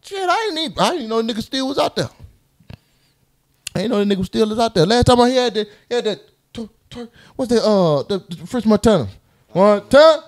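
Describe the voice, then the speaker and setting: Male podcast host, high voice, wide swoops, loud casual banter. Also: brisk. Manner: loud, animated, laughing and cursing. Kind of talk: casual group chat.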